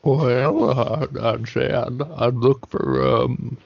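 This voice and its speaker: A man's voice: medium pitch, takes it slowly, vocal fry, slightly rough. A man playing a tabletop horror game in character, stammering nervously and trailing off. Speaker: player. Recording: muffled audio with faint noise.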